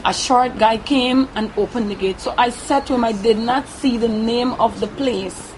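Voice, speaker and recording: Guyanese woman with a high voice. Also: background noise. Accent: Guyanese Creole English. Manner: halting, repeats herself, tags lines with "right?". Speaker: interviewee. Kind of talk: first-person testimony.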